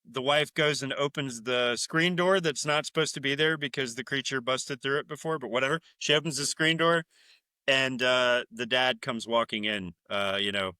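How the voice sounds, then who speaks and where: Male podcast co-host, casual and crude, bright tone, dry close sound. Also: medium pitch, normal speed, smooth, dry recording. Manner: rambling, profane, laughing loudly, mimicking characters. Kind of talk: casual chat recapping a film.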